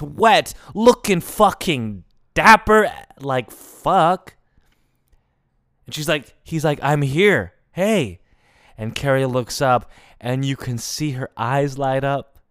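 A man's voice: a little high, clean tone, no room sound, clean studio sound. A man hosting a solo comedy podcast, telling a rambling story with lots of swearing and tangents. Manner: animated, profane, prone to tangents. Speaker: podcast host.

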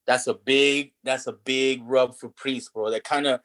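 A man's voice: medium pitch, fairly even intonation, measured pace, a bit bright. A man in casual podcast chat about wrestling, talking animatedly with heavy street slang and profanity.

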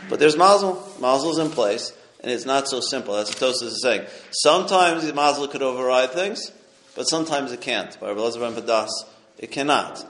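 A man's voice: mid-range voice, animated, a little fast, a bit bright, roomy sound, a little hiss or hum. A man giving a casual Talmud lesson, translating the Aramaic as he goes and often checking in with "okay?" and "right?". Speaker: Torah teacher.

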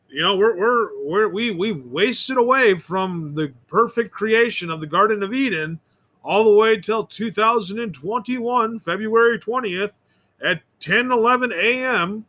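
A rambling, opinionated man delivering a solo monologue, his voice pitched high for a man. He often trips over words and circles back on himself. The tone is bright and sharp throughout. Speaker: podcast host.

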